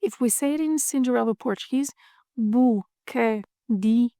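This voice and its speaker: Playful woman teaching, gravelly edge. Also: on the high side, a little mellow, dry recording, clean studio sound. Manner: playful, drills words slowly and repeats them. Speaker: language teacher. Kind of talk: scripted video lesson.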